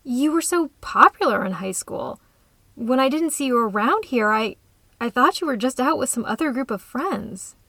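Woman voicing eager college girl, friendly, high bright voice, dry sound. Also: lively intonation, moderate pace, no room sound, full character voice. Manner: brighter, higher and livelier than the narration.

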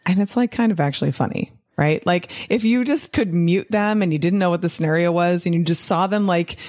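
A woman giving an animated, casual monologue to fellow doctors, often tagging her points with "right?" and laughing. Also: lowish voice, fairly quick. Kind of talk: casual podcast-style monologue.

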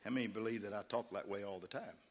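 A man's voice: fairly low pitch, fast, breathy edge. A middle-aged man with a West Texas accent, preaching a fervent, emphatic sermon to his church. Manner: fervent, emphatic preaching with crowd call-outs. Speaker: pastor. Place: church sanctuary. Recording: echoey church hall.

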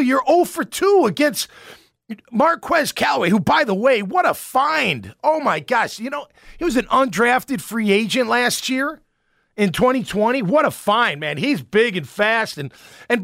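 A man's voice: very high-pitched, gravelly, fairly bright tone, dry recording, clean studio sound. A man hosting a sports talk show, giving fired-up, emphatic, rambling opinions.

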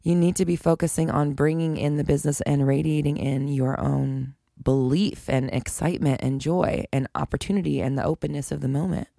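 A woman's voice: low-pitched, fairly even intonation, brisk, gravelly, few pauses, warm tone, no room sound, studio quality. A woman hosting a solo podcast, talking frankly and chattily, swearing now and then and laughing between points. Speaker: podcast host. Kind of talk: casual solo podcast monologue.

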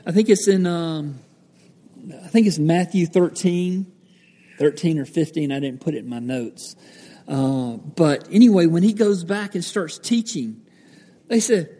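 A man preaching a Bible-teaching sermon in a slightly high, mellow voice. He talks in a relaxed, conversational way, pausing with fillers and correcting himself. His voice carries a long reverb, as if in a large church hall. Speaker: pastor.

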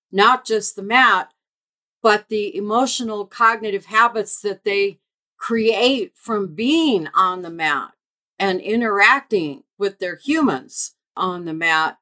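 A woman guest speaks unhurriedly, choosing each word with care. She explains puppy behavior in a measured, patient way, and her voice sits in a middle pitch. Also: bright, forceful tone. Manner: slow, measured and deliberate. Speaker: guest dog behavior expert. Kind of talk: explanatory interview answers.

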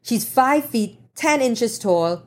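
A woman's voice: a little high, animated, takes it slowly, a little mellow, voice pushed up. A woman reading the lines of a flustered male photographer who stammers under pressure.

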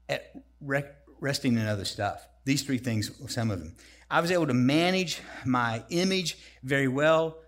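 A man preaching a sermon as guest speaker, telling lively, self-deprecating stories. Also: mid-range voice. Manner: animated, self-deprecating storytelling.

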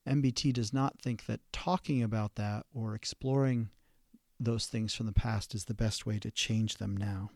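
A man, a therapist hosting a podcast, giving an instructional talk in a measured, halting way with fillers and restarts. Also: on the low side, steady tone, a little mellow, dry recording, studio quality.

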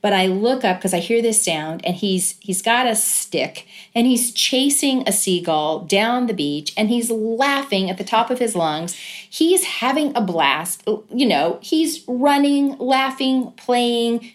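A middle-aged woman, a guest in a conversational interview, telling a personal story in an earnest, reflective way with many pauses. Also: on the high side, expressive. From Southern California.

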